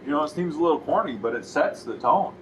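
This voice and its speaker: A man's voice: on the high side, lively intonation, fast, a bit bright, faint music behind, rough recording. A man co-hosting a casual chat about sales, who acts out cheerful greetings in a raised voice. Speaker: furniture store co-host.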